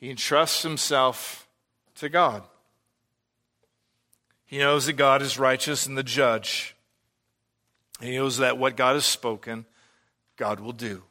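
A man preaching an expository sermon as pastor, earnest and animated, sometimes acting out the lines he quotes. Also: medium pitch, slow pace, long pauses.

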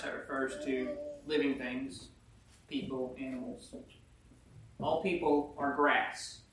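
A man preaching a sermon, reading scripture verses slowly and with emphasis, then explaining them in plain words and putting questions to his listeners. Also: on the high side, a bit bright, far from the mic, slight background noise. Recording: very echoey room, voice from afar.

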